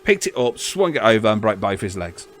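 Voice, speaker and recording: A man's voice: fairly low pitch, sing-song, fairly quick, fairly bright tone, slight background noise. A man, a podcast co-host, telling rambling stories in casual chat, laughing and swearing as he goes.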